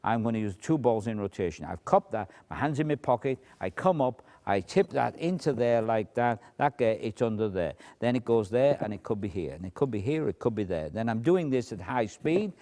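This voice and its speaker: A man's voice: fairly low pitch, animated, a little fast, few pauses, dark tone. A man, a magician talking through a routine in a chatty, explanatory way, with asides. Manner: chatty, explanatory, shifts into asides and acted quotes. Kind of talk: demonstration tutorial.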